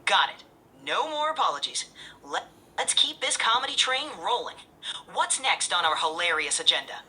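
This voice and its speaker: Bright, cheerful woman's AI assistant voice. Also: lowish voice, very animated, moderate pace. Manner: cheerful, eager, polished. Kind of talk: upbeat assistant replies.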